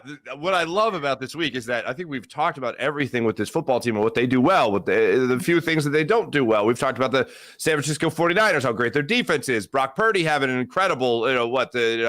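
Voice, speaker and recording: A man hosting a casual sports talk show, animated and jokey, rambling with restarts. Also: mid-range voice, no room sound.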